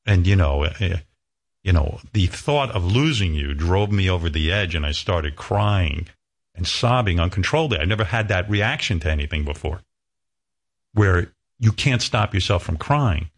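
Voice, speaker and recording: A man in his sixties, a radio host, talking candidly and emotionally, rambling with many restarts. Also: low-pitched. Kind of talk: candid talk-show conversation.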